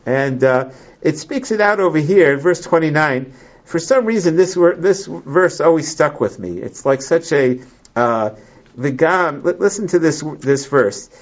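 A man teaching a Bible class to a small group. He reads verses aloud and explains them in a halting way, with many restarts. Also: a little high, animated. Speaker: Torah teacher. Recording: lo-fi, muffled recording.

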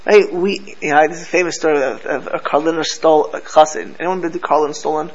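A man's voice: on the high side, steady tone, fast talker, highs cut off. A man teaching a Torah class to a live group, telling stories animatedly and mixing Hebrew and Yiddish terms into his English.

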